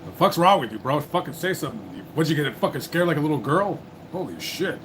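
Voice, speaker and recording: A man's voice: on the high side, expressive, fast, a bit bright, a little hiss or hum, poor audio. A man hosting a live call-in stream, talking bluntly and cursing often. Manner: blunt, profane, impatient. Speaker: livestream host taking calls. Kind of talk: casual live call-in chat.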